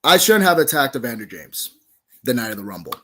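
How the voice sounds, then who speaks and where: A man, a professional wrestler, cutting a heated in-character promo in an accusatory, shouting manner. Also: medium pitch, very animated, a little fast.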